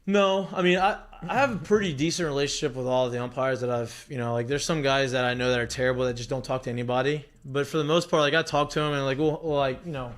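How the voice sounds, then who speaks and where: A man talking casually as a podcast guest, telling animated stories about baseball with lots of "like" and frequent swearing. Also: medium pitch, fast talker, hardly any pauses. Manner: animated storytelling with heavy profanity and filler "like". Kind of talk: casual chat.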